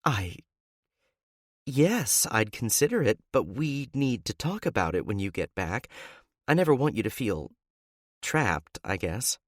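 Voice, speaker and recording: A man voicing a guarded, tender woman in love who speaks softly and hesitantly in an audiobook. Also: on the low side, very animated, a little slow, no echo, studio quality, pitched above the performer's own voice. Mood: vulnerable. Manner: soft, hesitant speech.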